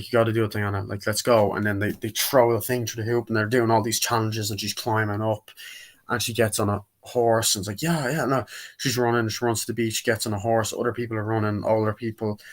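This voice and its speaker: A man's voice: fairly low pitch, a bit bright. A man giving a casual, rambling movie review, retelling scenes and acting out lines from them. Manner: rambling, retells scenes and acts out quotes in put-on voices.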